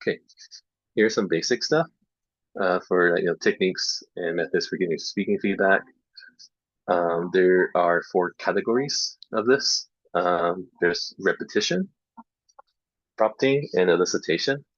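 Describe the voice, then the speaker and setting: A man giving a casual online lesson on speaking feedback, talking in a relaxed way with lots of fillers and repeating student errors to demonstrate them. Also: sits low, a little slow, no room sound. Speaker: English teacher trainer. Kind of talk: casual online teaching talk. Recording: dull lo-fi dry online recording.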